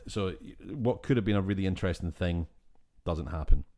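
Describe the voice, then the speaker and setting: A man with a Scottish accent, co-hosting a casual film-review podcast in an animated, exasperated way and swearing freely. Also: deep voice, fairly quick. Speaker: podcast co-host.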